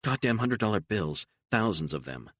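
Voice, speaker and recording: A man's voice: on the low side, big pitch swings, normal speed, a bit bright, no echo, studio quality, voice pushed up. A man voicing a frightened, emotional woman on the run, pleading and incredulous and raising her voice often, in an audiobook.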